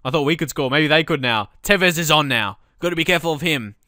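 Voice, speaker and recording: A man commentating on his own football management game, calmly explaining tactics and then shouting when goals go in. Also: on the high side, quick pace, dry recording, studio quality. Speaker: let's play host.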